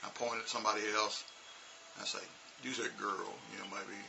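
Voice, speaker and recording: A man's voice: fairly low pitch, level tone, a little fast, gravelly, background noise. A man, an English teacher, telling a casual, rambling story full of "you know" and "uh". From United States.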